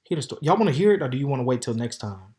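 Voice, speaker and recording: Flamboyant, sassy man telling a story. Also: very fast. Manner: flamboyant, sassy, animated, calls listeners "baby" and "honey"; swings from loud outbursts to low mutters. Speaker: podcast host. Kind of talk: casual storytelling monologue.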